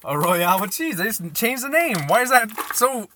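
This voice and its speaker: A young man hosting a podcast, casually telling stories and giving shout-outs. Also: high voice, very animated, moderate pace, a little hiss or hum. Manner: laid-back storyteller, gives shout-outs. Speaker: podcast host. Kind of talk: casual chat.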